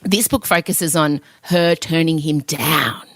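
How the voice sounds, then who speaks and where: A woman's voice: deep voice, takes it slowly, a bit bright, dry recording. A woman hosting a podcast, chatting casually in a giggly, teasing way. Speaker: podcast host. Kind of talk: casual chat.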